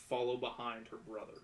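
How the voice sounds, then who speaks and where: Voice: mid-range voice, bright, forceful tone. A tabletop game player, easygoing and giggly, describing actions and talking in character. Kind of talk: casual in-character play.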